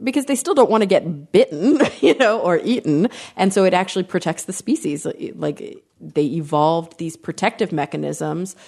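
A woman's voice: fairly low pitch, normal speed, creaky, hardly any pauses, darkish tone. A woman co-hosting a podcast, explaining a word in a chatty, laughing way. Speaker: podcast co-host. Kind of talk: casual chat.

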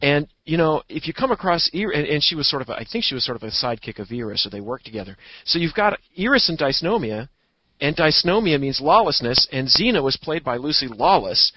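A man's voice: a little high, big pitch swings, fast talker, slightly rough, dry recording. A man, an astronomer, chatting casually on a podcast and explaining things with a fondness for puns. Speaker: astronomer guest. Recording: dull lo-fi recording.

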